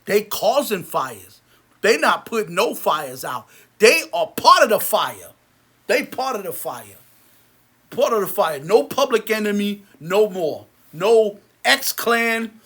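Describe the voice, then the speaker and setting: A man and movie theater owner ranting angrily to camera, heated and repetitive, his voice sinking low and quiet between outbursts. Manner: repetitive, many restarts. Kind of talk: angry rant to camera.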